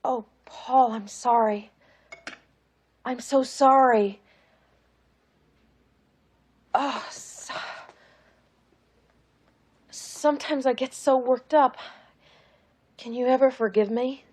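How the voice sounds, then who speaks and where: A woman's voice: steady tone, slow, long pauses, a little mellow. An actress playing a prim, doting middle-aged woman with a volatile temper, in a film scene. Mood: apologetic. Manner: prim and sugary, then shrill and scolding. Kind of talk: film drama.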